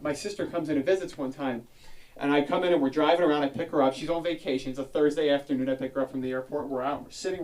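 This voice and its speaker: Young comic, self-mocking, quick patter, a touch high, mic set back from the voice. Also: male voice, recorded from a distance. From South New Jersey. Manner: animated, self-deprecating, acts out other people. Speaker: stand-up comedian. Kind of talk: stand-up comedy set.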